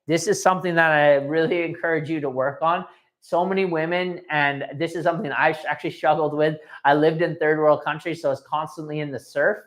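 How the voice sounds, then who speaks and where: Higher-voiced man coaching in tag-question bursts. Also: fairly even intonation, brisk, a bit bright. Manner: coaching, checks in with "okay?" and "right?". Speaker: dating coach. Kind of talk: live training talk.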